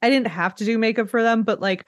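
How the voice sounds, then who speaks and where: A woman's voice: a little high, fairly even intonation, fast talker, no room sound, clean studio sound. Breezy woman podcast host. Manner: breezy, filler-heavy talk with laughs. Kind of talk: casual chat.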